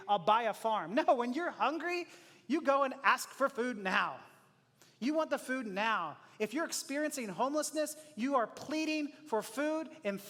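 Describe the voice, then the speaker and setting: A man preaching a sermon as pastor, in a conversational, animated way with frequent laughs and acted-out quotes. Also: very high voice, in a large hall. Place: church auditorium.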